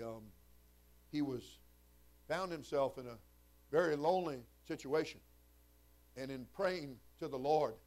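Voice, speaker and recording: A man preaching a sermon as pastor, shifting from quiet, folksy talk to loud, shouted preaching. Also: medium pitch. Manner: conversational, folksy asides.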